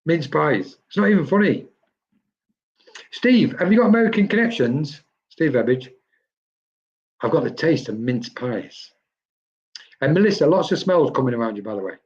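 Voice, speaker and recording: Male medium for a live stream reading, chatty, mid pitch, dull lo-fi sound. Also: sing-song, moderate pace, pauses often, a little mellow. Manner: chatty, addresses viewers by name, quotes spirits.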